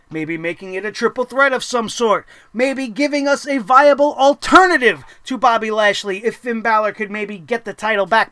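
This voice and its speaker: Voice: mid-range voice, a bit bright, no room sound. A wrestling show host ranting in a blunt, profane and exasperated way, firing off sarcastic rhetorical questions. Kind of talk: opinionated wrestling review rant.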